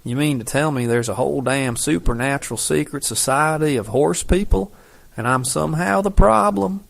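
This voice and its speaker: A man voicing a frightened, furious young woman in an audiobook, raising his voice high and shrill. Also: moderate pace, creaky. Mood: panicked, angry.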